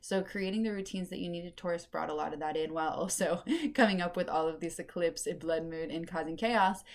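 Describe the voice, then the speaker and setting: Chatty woman with a lowish voice. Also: fairly quick, a little mellow. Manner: chatty and meandering, with many fillers. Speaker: podcast host and intuitive reader. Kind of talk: casual solo podcast talk on spirituality.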